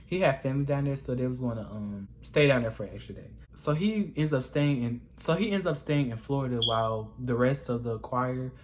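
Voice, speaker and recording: A man's voice: mid-range voice, fairly quick, hardly any pauses, slight background noise. A young man telling a casual storytime vlog in a chatty, gossipy way, often calling the listener "girl". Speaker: vlogger.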